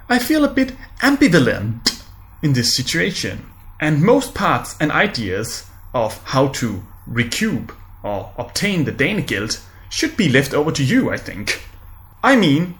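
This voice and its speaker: A man composer giving a meandering, repetitive spoken lesson, often halting on purpose. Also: fairly high pitch, very animated. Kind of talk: rambling spoken lecture. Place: large music venue. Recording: echoey room with loud music. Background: loud music.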